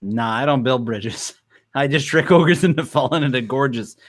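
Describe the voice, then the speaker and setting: A man's voice: mid-range voice, moderate pace, natural voice. Man playing sly old Rudy.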